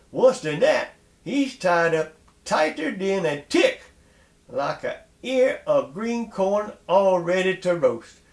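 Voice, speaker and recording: A man telling a folk tale aloud in a lively dialect style. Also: fairly high pitch, echoey room. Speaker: storyteller.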